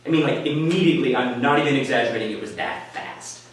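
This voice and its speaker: A man telling a personal story at a live story slam in a conversational, animated way, with quick asides to the audience. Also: medium pitch. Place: small venue before a live audience. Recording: echoey room, mic from a distance. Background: audience laughter.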